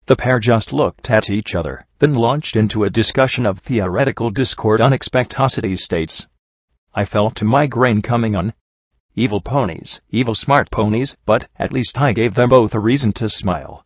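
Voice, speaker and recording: Man audiobook narrator, low voice, steady, dry dull lo-fi recording. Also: normal speed, slightly rough, no echo. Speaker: audiobook reader. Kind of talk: first-person story narration.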